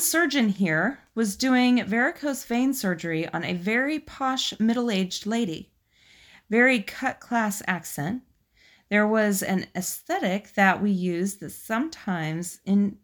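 A woman co-hosting a podcast, chatting casually and reading out funny stories with frequent giggles. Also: mid-range voice. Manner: giggly, animated storyteller. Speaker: podcast co-host.

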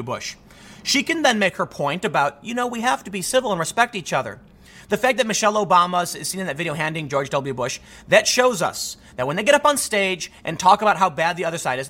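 A man delivers an opinionated political monologue in a bright, forward voice that sits a little high for a man. He is emphatic and restless, often doubling words as he pushes a point home. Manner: emphatic, repeats words when building a point. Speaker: political commentator.

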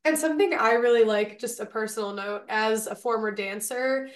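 A woman's voice: on the high side, normal speed, roomy sound. A young woman hosting a podcast interview, asking questions in a friendly, chatty way. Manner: friendly, chatty, uses "like" often. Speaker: podcast host.

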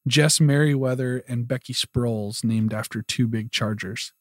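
Male podcast co-host, easygoing, reads messages out slowly. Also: medium pitch, dry recording, clean studio sound. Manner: relaxed, reads tweets aloud slowly. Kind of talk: casual podcast chat.

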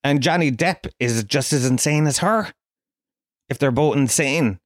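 A man's voice: medium pitch, a little slow, dry recording, studio quality. Swearing Irish man in his forties, ranting. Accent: Irish, Kerry. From Ireland. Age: 40s. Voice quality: animated, incredulous, swearing freely. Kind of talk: profane comic rant.

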